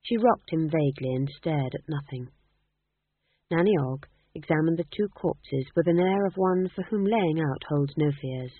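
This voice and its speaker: A narrator reading a fantasy story aloud with expressive storytelling. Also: medium pitch, moderate pace, husky, dry recording. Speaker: audiobook narrator. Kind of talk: scripted narration. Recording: dry tinny phone-like audio.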